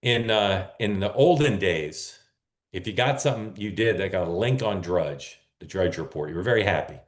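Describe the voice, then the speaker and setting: A man's voice: low-pitched, normal speed, reverberant. A man hosting a live political talk show, chatty and rambling, often correcting himself. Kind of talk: casual live-stream talk.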